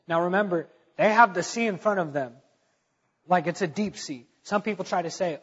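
Husky-voiced man preaching casually. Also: high voice, normal speed, big-room sound, lo-fi sound. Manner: casual storytelling with fillers like "like" and "man". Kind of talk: conversational sermon.

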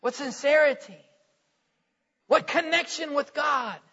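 A man preaching in a very high, bright, forceful voice, reading old-fashioned scripture and then pressing his listeners with direct questions. He moves between hushed questioning and loud, earnest declaring. The recording is dull and lo-fi, with a long echo from a large hall. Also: measured pace, gravelly. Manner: reads scripture in King James wording, then asks the listeners direct questions. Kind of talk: sermon. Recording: echoey hall, dull lo-fi sound.

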